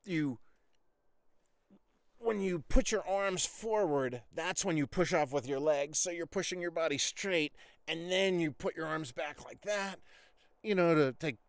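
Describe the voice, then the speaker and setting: A man's voice: on the high side, unhurried, dry recording. A man hosting a podcast, telling a story in a rambling, casual way, full of "like" and frequent swearing. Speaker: podcast host.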